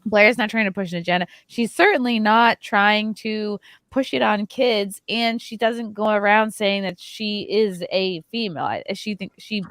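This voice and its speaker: A woman's voice: medium pitch, a bit bright, dry recording. Woman podcast host, blunt and snarky, dry close mic. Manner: blunt, sarcastic, quick jokes. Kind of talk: casual panel chat.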